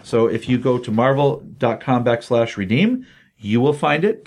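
A man co-hosting a comic book podcast, retelling a story with lively energy and acting out the characters' lines. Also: medium pitch, moderate pace. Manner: animated retelling, acts out quotes. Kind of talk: casual comic review chat.

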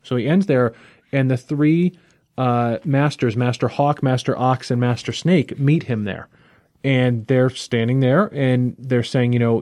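A man's voice: mid-range voice, measured pace, darkish tone, no echo, studio quality. A man hosting a comic book podcast, recapping the plot in a rambling, casual way with fillers and restarts.

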